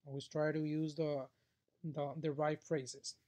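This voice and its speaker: Man, fairly high voice, customer service trainer, classroom lecture, filler-heavy, checks in with "okay?". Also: flat delivery, a little slow, a little mellow. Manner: talks straight to a class.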